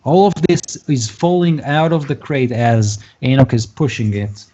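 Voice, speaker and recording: A man narrating as game master of a tabletop game, halting and full of filler sounds. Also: medium pitch, expressive, dark tone. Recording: dull lo-fi recording.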